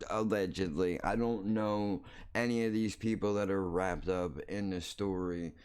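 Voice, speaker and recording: Deep-voiced, crude, blunt-talking man. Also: fairly even intonation, a little slow, darkish tone, clear, resonant tone. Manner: blunt, crude, rambling with restarts. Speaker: podcast host. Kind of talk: casual profane storytelling.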